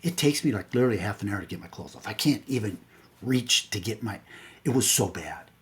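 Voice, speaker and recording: A male coach delivers a motivational talk built around a personal story, speaking earnestly and sometimes dropping low and soft for the hard moments. His intonation is lively and his pace brisk.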